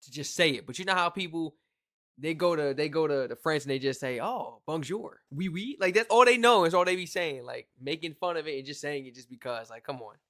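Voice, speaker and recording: A young man from the United States giving casual, slangy reaction commentary, talking in an animated, exclaiming way. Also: on the high side, fast talker. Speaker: reaction video host.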